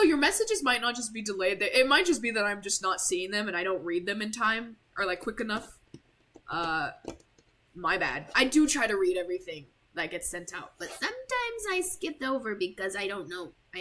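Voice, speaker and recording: A woman's voice: medium pitch, big pitch swings, moderate pace, pushed and bright, low-quality recording. A young woman casually commenting while streaming a game, rambling and apologetic, with lots of "like". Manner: chatty, rambling, heavy use of "like", apologetic.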